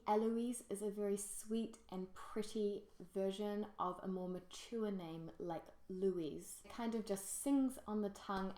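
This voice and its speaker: A woman's voice: medium pitch, a little mellow. Chatty woman vlogger in an echoey room. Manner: enthusiastic, gushing about favourites. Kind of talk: casual presenting to camera. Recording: roomy echo.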